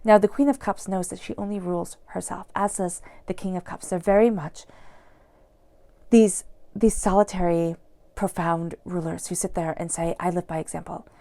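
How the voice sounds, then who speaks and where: A woman giving an earnest, soft-spoken tarot reading, sometimes dropping into a whisper. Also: fairly low pitch, steady tone, normal speed, gravelly. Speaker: tarot reader.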